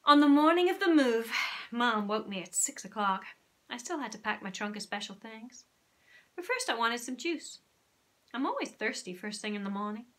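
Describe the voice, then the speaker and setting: A young woman, a primary school teacher, reading a children's novel aloud expressively and pausing to explain things. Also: a little high, fairly bright tone.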